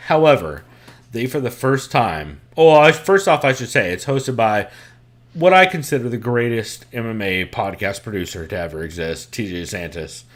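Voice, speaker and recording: A man's voice: mid-range voice, animated, moderate pace. A male podcast host talking loosely from his room at home, in an ordinary mid-range voice. He rambles from point to point, chuckles often and swears freely. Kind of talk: casual podcast chat.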